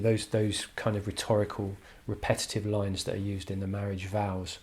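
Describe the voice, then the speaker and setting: Teaching an online English literature lesson, a man speaks at normal speed in a lowish, darkish monotone. His delivery is thoughtful yet hesitant, full of "um"s and restarts.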